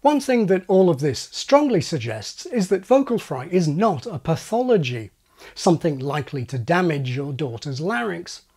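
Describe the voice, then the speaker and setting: A man narrates a scripted video essay with wry, explanatory delivery. His husky voice sits a little high and moves lively across its range. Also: normal speed.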